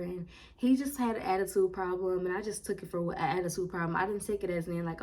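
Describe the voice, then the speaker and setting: A woman, casually telling a personal story to her viewers, animated and full of slang and "like.". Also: medium pitch, fairly quick. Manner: animated, chatty, lots of "like" and slang. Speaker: storytime vlogger.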